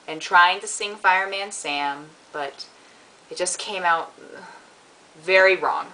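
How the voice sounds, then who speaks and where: Chatty bright-voiced American woman. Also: lowish voice, slow pace, poor audio. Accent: Mid-Atlantic American. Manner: chatty, giggly, self-deprecating. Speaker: vlogger. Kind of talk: casual chat to camera.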